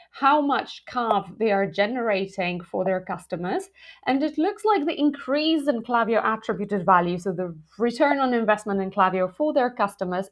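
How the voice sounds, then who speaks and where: A woman hosting an explainer video, talking in a lively, conversational way with frequent fillers and light self-aware asides. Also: medium pitch. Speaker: product marketing video host. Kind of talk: explainer video talk to camera.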